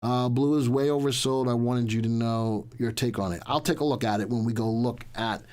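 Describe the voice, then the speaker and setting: A man's voice: medium pitch, fairly even intonation, a little fast, a little mellow. Chatty man hosting a market show. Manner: chatty and repetitive, restating lines as he goes. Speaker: host of a stock market show. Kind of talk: casual livestream market commentary.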